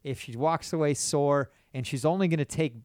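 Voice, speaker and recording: A man's voice: on the high side, moderate pace, darkish tone, clear, resonant tone, no room sound, clean studio sound. A man hosting a casual, explicit chat, talking bluntly and crudely like a coach. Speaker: podcast host.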